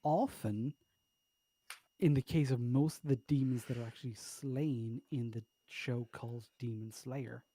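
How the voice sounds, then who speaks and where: Blunt Irish man, mellow voice. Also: mid-range voice, fairly even intonation, a little slow, no echo. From Ireland. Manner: blunt, swears freely, argumentative. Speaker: podcast co-host. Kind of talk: casual chat.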